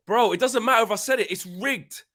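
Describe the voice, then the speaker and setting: A man's voice: high-pitched, brisk, a little hiss or hum. Ranting man on a video call. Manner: loud, ranting, repeats himself. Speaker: fan channel co-host. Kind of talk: live reaction chat.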